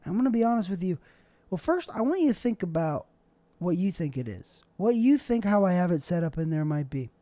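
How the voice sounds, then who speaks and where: A man's voice: sits high, big pitch swings, brisk, warm tone, dry recording. Rambling self-deprecating young man. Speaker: show host. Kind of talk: casual solo vlog monologue. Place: indoors at home, his bedroom.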